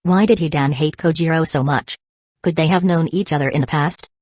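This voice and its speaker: A woman narrating an audiobook in an even, steady reading. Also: sits low, a little fast, no echo. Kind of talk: scripted narration.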